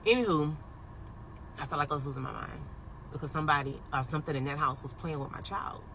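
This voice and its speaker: A woman's voice: deep voice, fast talker, slight background noise, low-quality recording. A woman in her thirties telling a personal paranormal story in a casual, emotional storytime vlog, with lots of "like" fillers. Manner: emotional, animated retelling with many "like" fillers. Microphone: phone.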